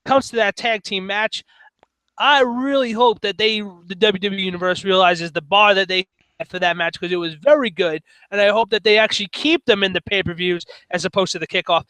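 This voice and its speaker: High, bright-voiced excitable man. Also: clean tone, no echo, low-quality recording. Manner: excitable, jokey storyteller. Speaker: podcast co-host. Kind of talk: casual wrestling chat.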